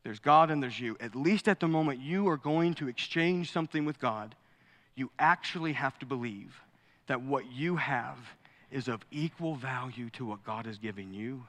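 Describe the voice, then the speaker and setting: A middle-aged man preaching a sermon as pastor, animated and acting out quoted voices. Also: medium pitch, moderate pace. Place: church sanctuary. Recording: long hall reverb.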